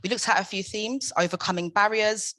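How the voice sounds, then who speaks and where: Forceful woman giving an impassioned talk. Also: medium pitch, a little fast, no room sound. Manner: impassioned, emphatic, rhetorical questions. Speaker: conference speaker, founder of a maternal support group. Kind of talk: prepared conference talk.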